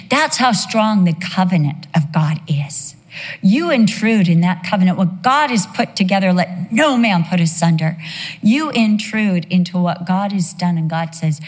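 A woman's voice: lowish voice, lively intonation, normal speed, a little mellow. A middle-aged woman pastor preaching a sermon with humor, acting out the voices in her stories. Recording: long reverb of a large hall.

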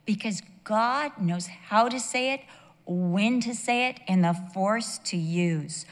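A woman's voice: mid-range voice, takes it slowly, in a large hall. A woman preaching a sermon, emphatic and mixing in humorous personal asides.

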